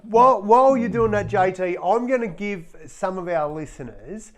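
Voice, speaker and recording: A man's voice: sits high, expressive, normal speed. An Australian man co-hosting a podcast, bantering bluntly and cheekily with casual swearing. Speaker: podcast co-host.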